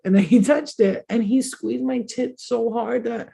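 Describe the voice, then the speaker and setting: A woman's voice: on the high side, fairly even intonation, normal speed, gravelly, mellow, husky. A young adult woman chatting casually as host, telling candid, crude stories and laughing often. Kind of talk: casual chat.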